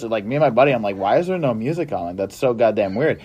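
A young man telling stories in casual podcast chat, animated, with lots of swearing and filler words. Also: mid-range voice, brisk, few pauses, very noisy.

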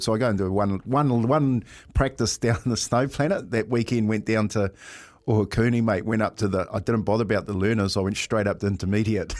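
A man on breakfast radio, telling a story with lots of laughs and a steady stream of "mate". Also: lowish voice, fairly quick. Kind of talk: casual radio chat, storytelling.

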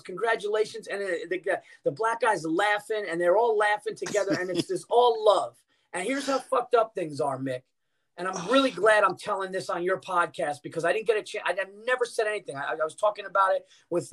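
A middle-aged man, a comedian guest on a podcast, telling stories in casual chat and swearing freely. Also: high-pitched. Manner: animated storyteller, swears freely.

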